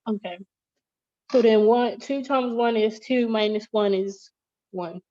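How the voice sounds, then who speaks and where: A woman's voice: fairly high pitch, a little slow, mellow. A woman student answers questions in an online math lesson, hesitant and thinking aloud as she works. Her audio sounds dull and lo-fi.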